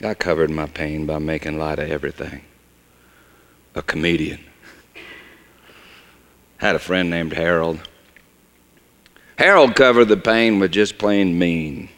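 An actor playing a bitter, joking redneck shepherd with a drawl, performing a theatrical monologue on a stage in a large hall. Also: male voice, unhurried, long pauses. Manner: folksy drawl, swings from loud mockery to low bitterness. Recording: long reverb of a large hall.

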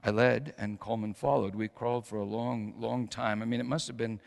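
Middle-aged male preacher, mid-pitched, storytelling sermon, long hall reverb. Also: steady tone, fairly quick, creaky. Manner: storytelling, swings from hushed to emphatic.

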